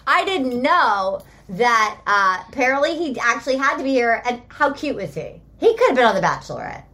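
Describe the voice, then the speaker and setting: A woman co-hosting a podcast, chatting casually and retelling scenes with lively quoting. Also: on the high side, moderate pace. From Australia. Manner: animated storyteller, quotes people in a lively way. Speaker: podcast co-host. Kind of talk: casual chat recapping a reality show.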